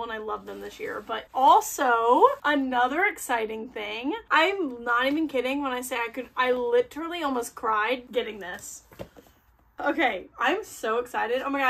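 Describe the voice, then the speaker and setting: A young woman chatting in a bubbly, gushing vlog style, full of quick excited exclamations. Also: on the high side, gravelly. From United States. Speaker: book vlogger. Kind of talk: casual vlog chat.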